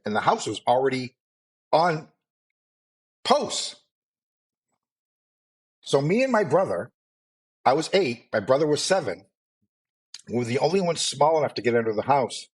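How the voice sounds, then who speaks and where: A middle-aged man from Maine chats as a podcast co-host, with a faint Maine accent coming through. His pitch sits in an ordinary middle range for a man. He talks in an easygoing, meandering way, full of fillers and side remarks. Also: slightly rough. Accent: mild Maine. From Maine, USA. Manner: rambling, relaxed, with fillers and asides. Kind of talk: casual chat.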